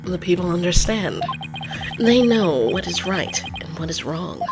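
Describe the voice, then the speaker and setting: A solemn young male prosecutor speaks in a low, hushed, measured voice, looking down on everyone in the courtroom game. A woman reads him in a put-on voice. His speech swings noticeably in pitch, even though he keeps it quiet and deliberate. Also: music in the background, rough recording. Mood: cold, condescending. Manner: slow, measured, quietly condescending.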